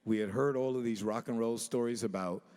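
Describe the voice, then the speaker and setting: Animated man in his sixties, echoing hall. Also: mid-range voice, fairly quick. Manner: animated, laughing storyteller, many restarts. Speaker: panelist. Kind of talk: live storytelling to an audience. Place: large auditorium stage. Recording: reverberant hall, live stage mic.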